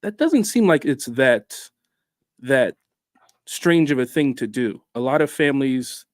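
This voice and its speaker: A man speaks as a talk show guest in a halting, hesitant way. His voice is mid-pitched and sounds dry and close. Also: lively intonation, dry recording. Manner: hesitant, with many fillers and restarts. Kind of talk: casual conversation.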